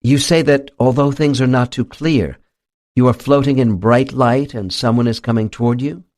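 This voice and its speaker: A man voicing a calm hypnotherapist who gently questions his client. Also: medium pitch, normal speed, lightly acted. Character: calm, reassuring male hypnotherapist.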